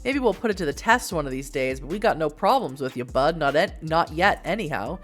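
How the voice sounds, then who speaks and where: A woman's voice: low-pitched, lively intonation, brisk, soft background music. A woman doing Deco, a sneering small-time thug. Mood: scornful. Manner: menacing, profane, mocking.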